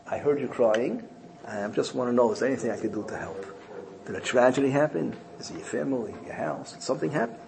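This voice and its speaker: A man voicing Napoleon as a curious, gentle French emperor asking questions in a told story. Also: medium pitch, lively intonation, fast talker, vocal fry, noisy background.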